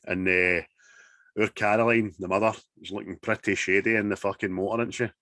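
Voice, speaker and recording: Man, lowish pitch, dry close sound, sweary casual recap. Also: fairly quick, dry recording. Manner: sweary, animated storytelling. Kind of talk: casual chat recapping a horror film.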